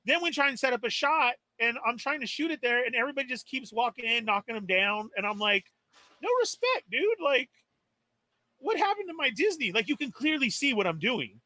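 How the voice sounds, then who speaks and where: A man with a high, bright voice tells a story with excitable energy. He is plainly exasperated and acts out the lines he quotes. The sound is dry and close. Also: fairly quick, hardly any pauses, dry recording. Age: adult. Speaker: toy podcast co-host. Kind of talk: animated storytelling on a live stream.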